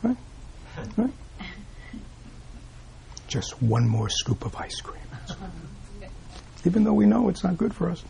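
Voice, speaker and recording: Male Buddhist teacher, husky and mellow, asks rhetorical questions and checks in with "right?". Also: sits high, sing-song, slow pace, pauses often. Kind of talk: dharma talk.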